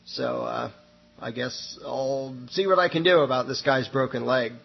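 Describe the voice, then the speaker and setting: Unsure vet guy stepping up to help, voiced by a man, husky voice, dull sound. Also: medium pitch, unhurried, faint music behind. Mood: hesitant. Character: modest veterinarian castaway, unsure but willing.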